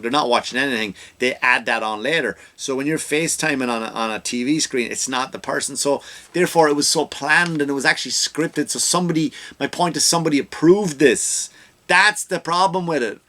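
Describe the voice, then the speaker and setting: A man hosting a comedy podcast, delivering an animated rant into a studio microphone that climbs into loud, mocking outbursts. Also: mid-range voice. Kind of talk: ranting comedy monologue.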